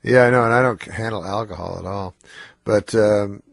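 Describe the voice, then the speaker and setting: A man's voice: on the low side, fairly quick, gravelly, no echo. A congested man with a nasal, slurring voice, mumbling through a radio studio interview as a comedian guest. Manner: mumbling, self-deprecating, laughs often. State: congested and slurring from cold medicine. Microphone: studio microphone.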